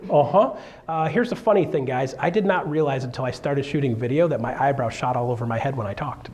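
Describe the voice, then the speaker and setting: A man coaching real estate agents in a live seminar, animated and joking, often checking in with the room with quick questions. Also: medium pitch.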